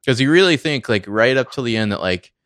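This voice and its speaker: A man's voice: medium pitch, animated, fast talker, fairly bright tone, dry recording, clean studio sound. A man co-hosting a podcast, talking through movie picks in hesitant, filler-heavy casual chat. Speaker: podcast co-host.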